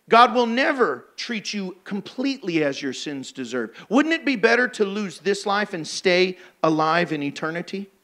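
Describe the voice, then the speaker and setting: A man's voice: high voice, a bit bright. A man preaching a sermon in a blunt, emphatic, exhorting way.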